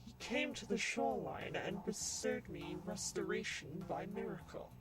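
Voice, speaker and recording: An actress voicing a proud lizard-like female survivor of a curse in a game, telling her tale in solemn, measured lines. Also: mid-range voice, natural voice. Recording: game audio over clear music.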